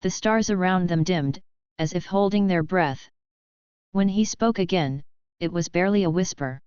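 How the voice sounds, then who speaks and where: A woman's voice: lowish voice, measured pace, darkish tone, clear, resonant tone, dry recording. A woman narrating a fan fiction story in a dramatic storytelling manner, on a dull lo-fi recording. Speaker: story reader.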